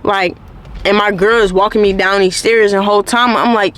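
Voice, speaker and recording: A woman's voice: mid-range voice, moderate pace, fairly bright tone. A woman hosting her own channel, telling a story-time tale in casual, profane slang packed with "like" fillers. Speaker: channel host.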